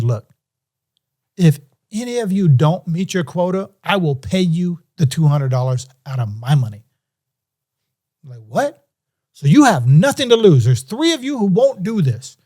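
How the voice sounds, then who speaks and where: Male podcast guest, warm and relaxed tone, slightly high pitch, animated storyteller. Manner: animated, acts out quoted voices. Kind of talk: casual storytelling.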